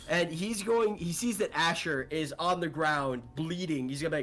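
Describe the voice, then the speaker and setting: A man's voice: fairly high pitch, moderate pace, fairly bright tone, soft background music. A young man running a tabletop game as game master, rambling and swearing as he narrates.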